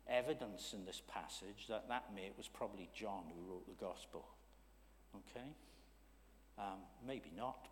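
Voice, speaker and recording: A man preaching a sermon in a church, talking conversationally, checking in with the congregation and swinging from loud emphasis to hushed asides. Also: on the low side, in a large hall, a little hiss or hum.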